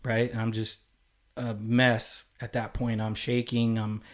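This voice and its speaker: A man's voice: medium pitch, monotone, slow. A man with an ordinary mid-range voice tells a story in loose conversation. He swears freely and slips into the voices of the people he quotes. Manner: candid and profane, acting out quoted dialogue. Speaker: podcast guest. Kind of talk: casual storytelling chat.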